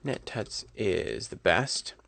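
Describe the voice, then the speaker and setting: A man talking through a coding tutorial at his computer, relaxed and correcting himself as he types. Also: sits low, slow pace, creaky. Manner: relaxed, self-correcting, talks while typing. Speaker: programming instructor.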